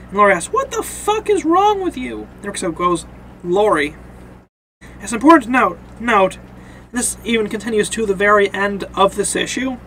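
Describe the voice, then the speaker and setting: A man's voice: high-pitched, pushed and bright, slight background noise, poor audio. A young man casually narrating a comic review, rambling with many fillers.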